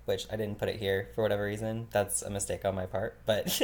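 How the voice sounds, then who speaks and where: A man from the United States giving a relaxed, chatty vocabulary lesson, repeating each word slowly and laughing often. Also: on the low side. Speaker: language teacher.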